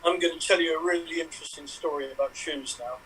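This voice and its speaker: A man performs a playful, mock-boastful improvised monologue over a video call. His voice sits fairly high, with a faint hiss behind it. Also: fast talker, fairly bright tone, poor audio.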